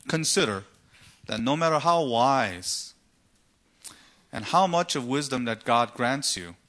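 A man's voice: mid-range voice, a bit bright. A man preaching a sermon, asking rhetorical questions and retelling scripture stories dramatically. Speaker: pastor.

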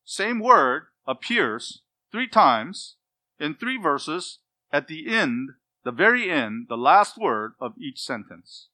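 A man preaching an expository sermon, stressing key words by repeating them and dropping to quiet asides. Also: on the high side, big pitch swings, takes it slowly, no room sound. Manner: emphatic, repeats key words, swings between loud stress and hushed asides. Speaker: pastor.

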